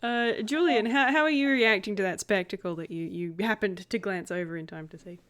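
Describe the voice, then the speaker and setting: A woman's voice: medium pitch, a little fast, clear, resonant tone. Woman game master narrating a tabletop game. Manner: relaxed, descriptive, giggly.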